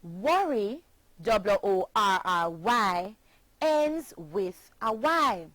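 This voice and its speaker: A woman's voice: mid-range voice, very animated, very slow, fairly bright tone, dry recording, poor audio. A woman with a Jamaican accent teaching a scripted phonics lesson, spelling words out letter by letter.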